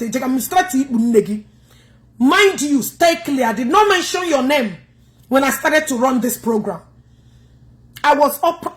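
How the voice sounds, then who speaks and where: A Nigerian woman with an Igbo accent rants combatively on a livestream. Her voice sits high, and she scolds her viewers head-on.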